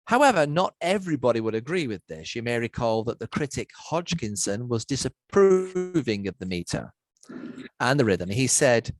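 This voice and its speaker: A man giving an academic lecture to university students online, measured and methodical, setting out word lists one item at a time. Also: medium pitch, very animated, no echo, rough recording.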